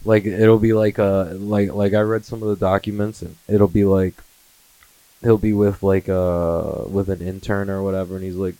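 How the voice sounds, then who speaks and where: A man's voice: sits low, level tone, normal speed, mellow, no echo, poor audio. A man in his twenties on a casual comedy monologue, swearing a lot, laughing often and slipping into mocking impressions. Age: 20s. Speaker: comedy podcast host.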